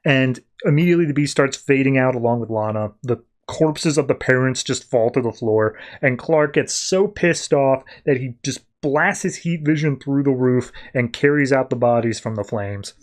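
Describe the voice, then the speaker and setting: A man hosting a podcast, casually recapping a comic issue at a middling pitch. He tells the story in an animated way and drops into brief voiced quotes of the characters as he goes. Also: normal speed, few pauses. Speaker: podcast host.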